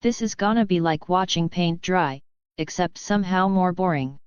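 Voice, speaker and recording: A woman's voice: fairly low pitch, normal speed, clear, resonant tone, dry recording, highs cut off, close to an everyday voice. A woman reading the lines of a rowdy, mocking young troublemaker. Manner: mocking, restless.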